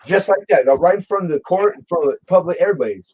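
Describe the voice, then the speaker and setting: Animated storytelling man, muffled lo-fi. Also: sits high, rapid-fire, husky. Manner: animated storytelling with frequent restarts and swearing. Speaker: guest telling a personal story. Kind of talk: casual chat. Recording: dull lo-fi sound.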